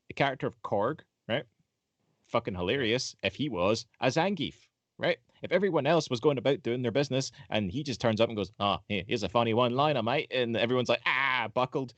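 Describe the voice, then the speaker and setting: Low-voiced man rambling about films. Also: lively intonation, fast, fairly bright tone, no room sound, lo-fi sound. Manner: rambling, lots of fillers and swearing. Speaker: podcast co-host. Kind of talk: casual film chat.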